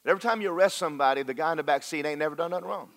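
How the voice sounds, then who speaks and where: Pastor, male, folksy sermon delivery with jokes and drawn-out emphasis. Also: a little high, a bit bright. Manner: preacherly, folksy and joking, slows for emphasis.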